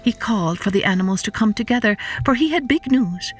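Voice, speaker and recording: A woman telling a folktale to children, expressive and playful, voicing sound effects as she goes. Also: medium pitch, brisk, faint music behind. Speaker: children's storyteller. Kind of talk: storytelling narration for children.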